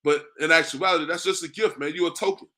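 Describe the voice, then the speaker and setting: Bright-voiced man preaching scripture. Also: on the high side, steady tone. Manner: conversational, repeats "man" and "you know what I mean"; reads scripture in a slow, drawn-out cadence. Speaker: street preacher. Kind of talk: street-corner preaching with scripture reading.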